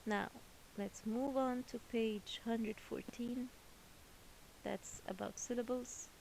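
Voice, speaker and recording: A woman's voice: on the high side, steady tone, takes it slowly, gravelly, darkish tone, a little hiss or hum, poor audio. A woman teaching a children's English lesson, patiently repeating each word twice.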